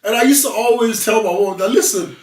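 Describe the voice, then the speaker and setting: A young man chatting on a talk show, emphatic and animated as he tells his story, with a fairly high voice. He sits back from the mic, in a room with a noticeable echo. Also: a little fast. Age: young adult. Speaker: guest. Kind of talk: casual chat. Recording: echoey room, mic at a distance.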